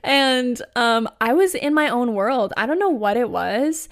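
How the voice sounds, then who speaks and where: With a slightly high, expressive voice and an unhurried delivery, this podcast host in her twenties chats through an amusing story from her own life. She laughs a lot and says "like" constantly.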